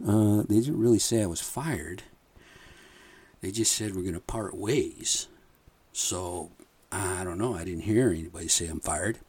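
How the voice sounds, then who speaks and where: A man's voice: sits low, measured pace, darkish tone, breathy edge. A man hosting a podcast, telling a rambling, profane story in a casual monologue with frequent chuckles. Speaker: podcast host.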